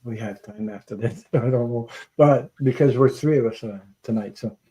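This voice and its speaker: Male live-stream host, chatty and quick to laugh, middle pitch. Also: mellow. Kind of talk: casual live-stream chat.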